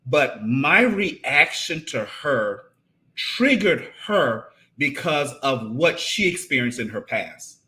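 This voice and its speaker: A man co-hosting a marriage podcast, talking in an animated, casual way and often repeating and restarting his phrases. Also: medium pitch, slow. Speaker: podcast co-host. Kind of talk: casual conversation about marriage.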